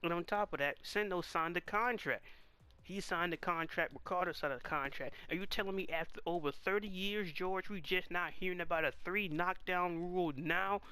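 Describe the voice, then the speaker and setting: A man's voice: high voice, normal speed, pushed and bright, clean tone. A man giving casual commentary on a comic chapter, exasperated and firing off rhetorical questions. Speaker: manga reaction host.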